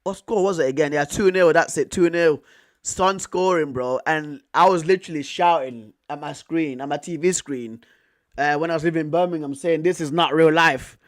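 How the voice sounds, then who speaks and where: A man's voice: fairly high pitch, normal speed. A young man, chatting casually as a streamer reacting to his chat, full of slang and repeating himself. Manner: slangy, excitable, repeats himself with bro and fam.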